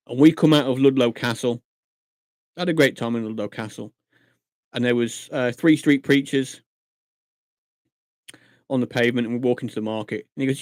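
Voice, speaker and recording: A man's voice: mid-range voice, normal speed, long pauses. A chatty man talking off the cuff on a late live stream, telling stories and acting out little quotes as he goes. His voice sits in a middle register and comes across dry and close, with no room echo. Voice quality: chatty, animated storytelling with acted-out quotes. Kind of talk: casual live-stream chat. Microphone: desk mic at a computer monitor.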